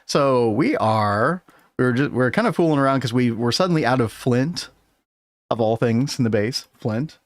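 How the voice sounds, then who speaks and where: A man's voice: medium pitch, lively intonation, moderate pace, no room sound. Gaming streamer, male, casual and laughing, dry close mic. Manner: chatty, laughs often, talks to chat. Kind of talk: casual gaming livestream chat.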